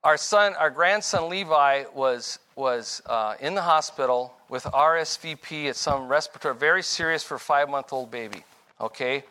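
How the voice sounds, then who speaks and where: A man's voice: a little high, moderate pace, sharp tone, clear, resonant tone. An older man giving a rambling, informal testimony sermon, correcting himself as he goes and chuckling between points. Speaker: preacher.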